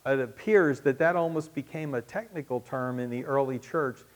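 A man preaching a sermon to his congregation. He swings from loud, emphatic peaks to hushed asides and repeats key phrases for emphasis. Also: medium pitch, moderate pace. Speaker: pastor.

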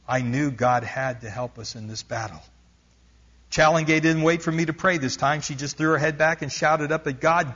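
A man preaching, retelling a missionary story with lively emphasis. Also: mid-range voice, moderate pace, dull audio.

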